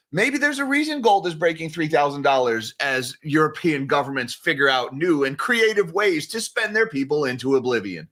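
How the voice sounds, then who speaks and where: A man talks through market news in a loose solo commentary, his fairly high, bright voice full of sarcasm. He rambles and breaks into animated asides. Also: moderate pace, hardly any pauses. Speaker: finance commentator.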